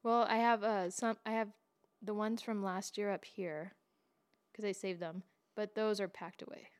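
A woman co-hosting a casual podcast chat, telling stories in an animated way. She breaks into laughter often. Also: mid-range voice, moderate pace, smooth. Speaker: podcast co-host.

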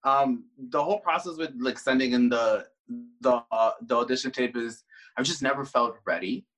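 A man's voice: medium pitch, moderate pace, a bit bright, faint music behind, low-quality recording. A man talking about his drag career as an interview guest, chatty and reflective, with many fillers and restarts. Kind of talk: casual interview chat.

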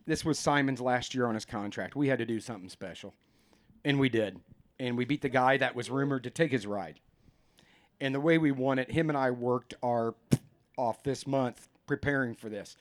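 A man in his fifties from a racing team, telling stories in an animated, emotional way. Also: medium pitch, normal speed. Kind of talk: casual storytelling.

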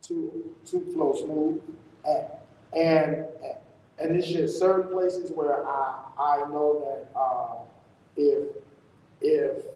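A man in casual chat who talks haltingly, with frequent restarts and short agreeing replies. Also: a little high, level tone, warm tone. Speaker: co-host. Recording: echoey room from far off, faint noise.

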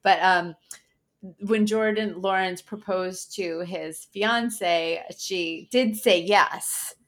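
Woman podcast host reading funny stories out loud, laughs a lot, relaxed chatty tone. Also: mid-range voice, extremely slow. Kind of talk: casual chat, reading out stories.

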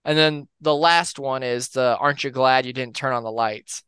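Man, podcast co-host, rambling storyteller, smooth clear voice, dry close mic. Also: medium pitch, moderate pace, dry recording. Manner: relaxed, rambling with fillers and restarts. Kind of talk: casual storytelling of urban legends.

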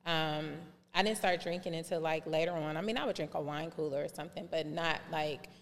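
A woman telling a long personal story in a casual podcast chat, animated and acting out remembered dialogue in different voices. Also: sits low, brisk. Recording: reverberant room with faint background noise.

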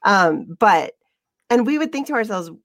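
Animated, chatty woman co-hosting a podcast. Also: mid-range voice, measured pace, no echo, clean studio sound. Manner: rambling and chatty, with frequent laughs and restarts. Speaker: podcast co-host on a livestream; fitness instructor. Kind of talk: casual chat.

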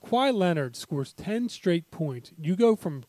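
A high-voiced man talks sports on a podcast, animated and profane, often acting out people in loud bursts. The sound is dry and close, with no room around him. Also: measured pace, no echo. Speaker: podcast co-host. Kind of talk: casual sports chat.

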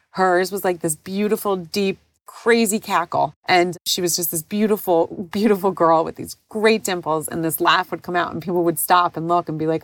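Low-voiced woman, tender and heartfelt. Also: no room sound. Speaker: podcast host. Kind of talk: personal reflective monologue.

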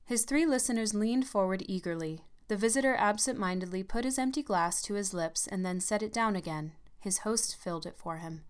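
A woman narrating a story in a measured, calm reading voice. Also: medium pitch, clean tone.

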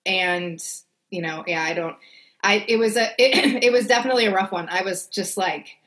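A woman's voice: medium pitch, normal speed. A woman co-hosting a podcast, talking casually and expressively, with frequent fillers. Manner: chatty, expressive, lots of fillers like "like". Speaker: podcast co-host. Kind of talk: casual chat.

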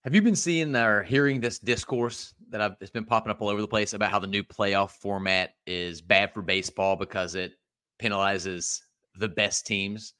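A man's voice: lowish voice, normal speed, pushed and bright, clear, resonant tone, dry recording, clean studio sound. A man co-hosting a podcast in casual sports chat, complaining emphatically with a wry edge. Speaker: podcast co-host.

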